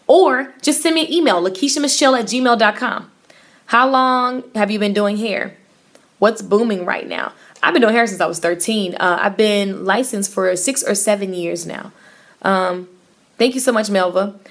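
An upbeat woman in her thirties hosts a live stream, her voice sitting a little high. She reads viewer comments aloud and cheers each one on, warm in her words and direct with her audience, talking casually as a business coach for hair stylists. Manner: upbeat, encouraging, effusive, talks to viewers directly.

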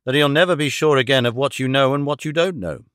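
A man reads a careworn young man in an audiobook, urgent and earnest, worry pressing through his words. His voice sits at a middle pitch, close and dry. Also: quick pace, a bit bright, smooth, no echo, lightly acted. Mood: anxious. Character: careworn young man, anxious about his dying father.

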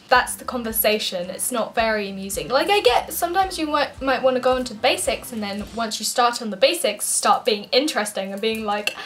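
Giggly high-voiced young English woman. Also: expressive, fairly quick, hardly any pauses, fairly bright tone. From England. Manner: giggly, bubbly, breaks into frequent laughs. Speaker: vlogger. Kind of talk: casual talk to camera.

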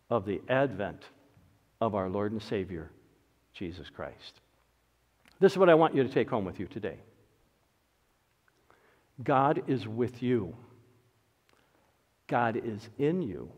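A man's voice: mid-range voice, a little mellow. A man preaching a sermon as pastor, leading the congregation in call-and-response. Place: church sanctuary. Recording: echoey hall, dull lo-fi sound.

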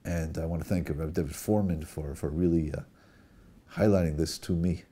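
Male rabbi lecturing, animated and explanatory, husky voice. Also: very deep voice, moderate pace. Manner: animated, explanatory, addresses audience directly. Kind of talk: sermon-style Torah lecture.

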